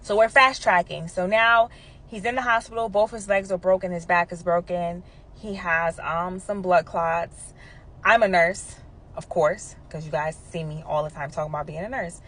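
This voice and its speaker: A woman in her thirties recounting her own story straight to her viewers, chatting in a relaxed way with many asides. She keeps checking in with the listener as she goes. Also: on the low side, moderate pace. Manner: conversational, with frequent asides and "right?" check-ins. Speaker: nurse telling a personal story. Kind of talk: casual storytelling to camera.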